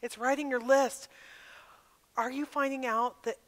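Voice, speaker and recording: A woman's voice: high-pitched, fairly even intonation, a little slow. A middle-aged woman speaking at a women's retreat, telling a personal testimony with candid emotion and putting direct questions to her listeners. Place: camp meeting hall. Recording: live hall with long reverb.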